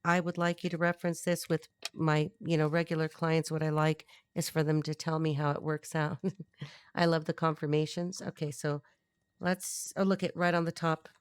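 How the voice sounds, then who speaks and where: Low-voiced woman giving a rambling tarot reading. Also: level tone, normal speed, clean tone, no echo, studio quality. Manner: rambling, blunt, thinking aloud with frequent restarts. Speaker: tarot reader. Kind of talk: channeled tarot reading to camera.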